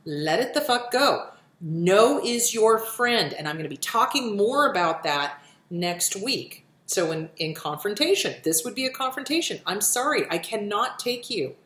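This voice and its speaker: A woman's voice: medium pitch, sing-song, unhurried, fairly bright tone, echoey room. A woman hosting a question-and-answer show, answering viewer questions with blunt, profane, emphatic advice. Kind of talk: casual advice talk.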